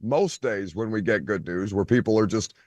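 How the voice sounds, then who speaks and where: A man's voice: on the low side, moderate pace, a little mellow, dry recording, muffled recording. A man hosting a sports radio show, calling in over a video call from a beach on vacation, teasing and mock-indignant. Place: outdoors by a beach.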